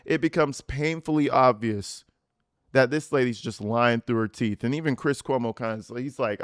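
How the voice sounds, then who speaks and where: A man ranting in a profane, mocking, animated style while giving reaction commentary on a video. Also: mid-range voice, moderate pace, no echo, clean studio sound. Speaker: commentary YouTuber.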